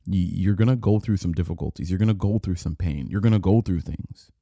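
A man's voice: low voice, a little fast, dark tone, breathy edge, dry recording, clean studio sound. A man hosting a solo podcast, talking in a loose, rambling way that keeps restarting and repeating words. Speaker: podcast host. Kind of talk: casual solo podcast talk.

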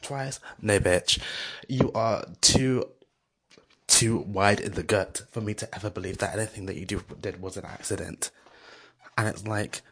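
Gravelly, husky woman ranting sassily. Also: very deep voice, moderate pace. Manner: animated, swings between loud outbursts and hushed asides; blunt and sassy. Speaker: vlogger. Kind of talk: rambling storytelling monologue.

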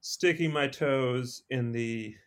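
A man's voice: medium pitch, slow. A man appearing as a guest on a casual podcast, talking in a friendly, chatty way. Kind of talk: casual chat.

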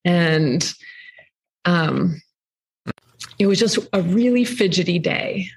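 Low, husky, and slow, this thirtysomething woman's voice belongs to a podcast guest who co-founded a camp. She recounts a story in a reflective, chatty manner, peppered with ums, and becomes animated during the retelling.

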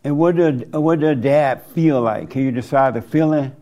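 Male interviewer, mid-pitched, persistent and probing. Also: normal speed, dark tone. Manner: presses with repeated questions.

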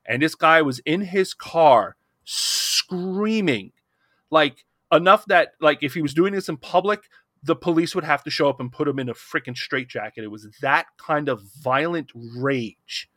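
A man's voice: fairly high pitch, a little slow, a bit bright, no echo. Middle aged guy on a podcast roundtable, worked up, keeps restarting sentences, dry sound. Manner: impassioned, rambling with restarts. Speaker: podcast co-host. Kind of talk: casual roundtable discussion.

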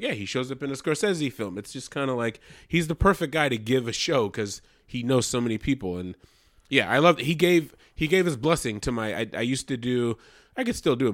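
Man, podcast guest, rambling, stammering restarts, medium pitch, dry close sound. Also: a bit bright, dry recording. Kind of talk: casual film podcast chat.

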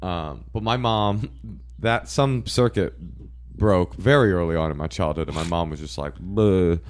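A man, a comedian, telling stories in casual chat, talking fast and animated. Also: deep voice. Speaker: comedian guest.

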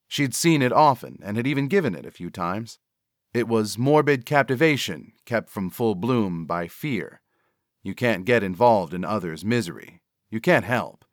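A man narrating his own story in a steady, measured reading. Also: lowish voice, dry recording, studio quality. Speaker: author and narrator. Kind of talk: scripted narration.

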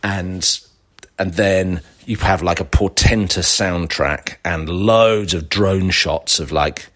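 A man with a very low voice hosts a casual solo podcast. He rambles through digressions with a dry, sarcastic edge, full of fillers and restarts. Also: slow, a bit bright. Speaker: podcast host.

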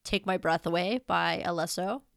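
Smooth-voiced woman, heartfelt podcast chat. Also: on the low side, moderate pace, dry recording, studio quality. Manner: gushing, heartfelt, swears casually. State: tearful. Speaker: podcast host. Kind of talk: emotional casual monologue.

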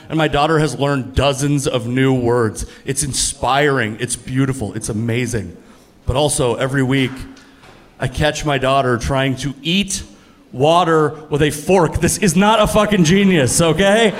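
A man in his thirties performing a stand-up comedy set on a club stage, with a punchy, animated delivery that jumps up on the punchlines. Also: on the high side, moderate pace. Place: comedy club stage before a laughing audience.

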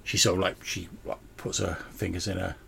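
A man's voice: low voice, level tone, brisk, gravelly, bright, forceful tone, a little hiss or hum. A man running a tabletop game as game master, narrating loosely with many fillers and restarts.

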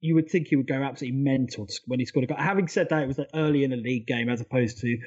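A man co-hosting a casual football podcast, talking quickly and eagerly through detailed points. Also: medium pitch, a little mellow, dull audio. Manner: fast, enthusiastic, detailed storytelling. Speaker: podcast co-host.

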